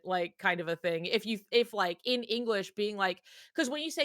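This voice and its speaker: A woman co-hosting a casual fan discussion podcast, talking in a rambling, animated way with lots of filler words. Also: mid-range voice, normal speed, hardly any pauses, no echo, studio quality.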